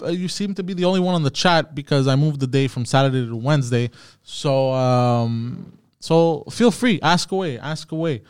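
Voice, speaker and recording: A man's voice: medium pitch, normal speed, a little mellow, smooth, dry recording, clean studio sound. A man hosting a podcast, telling a story in a casual, profane way with many fillers and restarts. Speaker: podcast host.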